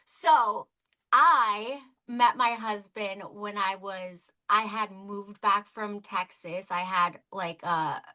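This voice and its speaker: Bright, frank woman from Michigan. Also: medium pitch, slow, rough recording. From Upper Peninsula of Michigan. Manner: frank, emotional, many filler "like"s. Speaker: podcast host. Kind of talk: casual chat.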